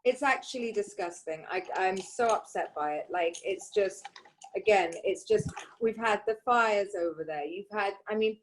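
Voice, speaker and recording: A woman co-hosting a chatty podcast who speaks her mind. She talks emphatically and sometimes slips into sarcasm, in relaxed conversation. Her voice sits at an ordinary pitch. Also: moderate pace, slight background noise. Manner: outspoken, emphatic, sarcastic at times. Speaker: podcast co-host. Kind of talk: casual conversation.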